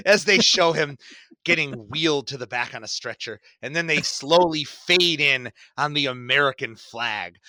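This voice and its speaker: Laughing often, a man co-hosting a podcast spins stories with animation in easygoing conversation. His voice is a little high, and the recording is dry.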